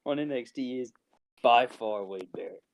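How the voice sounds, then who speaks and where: A man's voice: mid-range voice, normal speed, vocal fry, poor audio. A young man co-hosting a podcast, chatting casually and joking loosely, laughing often. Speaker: podcast co-host. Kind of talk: casual chat.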